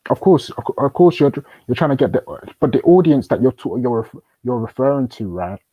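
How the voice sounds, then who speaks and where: Halting, probing man with a husky voice. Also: mid-range voice, lively intonation, warm tone, no echo, low-quality recording. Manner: probing, hesitant with many restarts. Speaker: host. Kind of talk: casual debate.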